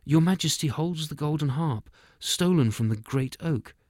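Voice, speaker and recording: A man's voice: a little high, lively intonation, moderate pace, a little mellow, dry recording, clean studio sound, voice pushed up. A man voicing a tiny, breathless male fairy messenger in a storybook, speaking hurriedly and politely. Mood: anxious.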